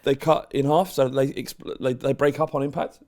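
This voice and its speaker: A man co-hosting a podcast, chatting casually about football, animated and sweary, swinging between loud outbursts and low asides. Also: moderate pace. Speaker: podcast co-host.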